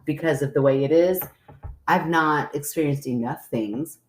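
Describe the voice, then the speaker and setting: A woman's voice: low-pitched, normal speed, darkish tone. A young woman co-hosting a podcast, chatting casually as the skeptic, hesitant and joking with lots of fillers. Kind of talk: casual chat.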